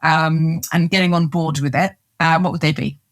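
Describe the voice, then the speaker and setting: A woman co-hosting a podcast, asking conversational questions at a quick pace. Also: sits low, steady tone. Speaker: podcast co-host. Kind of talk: podcast interview.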